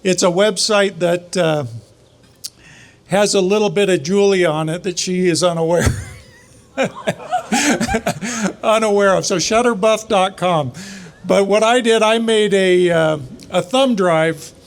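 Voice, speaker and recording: A middle-aged father of the bride with a notably high voice gives a toast at a wedding reception. He jokes and stumbles along with frequent "uh"s, speaking into a handheld microphone. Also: slight background noise. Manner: joking, halting with many "uh"s.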